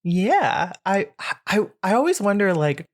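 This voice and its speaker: A woman's voice: mid-range voice, sing-song, a little slow. A woman running a tabletop game as game master, narrating with playful chuckles and then chatting casually. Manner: playful, chuckling, hesitant fillers.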